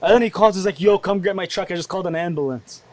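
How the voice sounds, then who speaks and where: A man's voice: high voice, fast, darkish tone, dry recording. A man in casual chat, backing up a friend's story with short replies and laughs.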